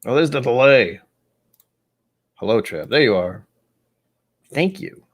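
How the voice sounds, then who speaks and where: A man's voice: mid-range voice, expressive, takes it slowly. A man hosting a casual livestream, rambling in a self-deprecating way and muttering asides to himself. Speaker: livestream host.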